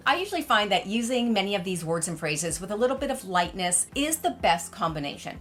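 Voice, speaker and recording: A middle-aged woman presenting etiquette tips in a light, gracious, slightly playful way. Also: mid-range voice. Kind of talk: instructional talk to camera.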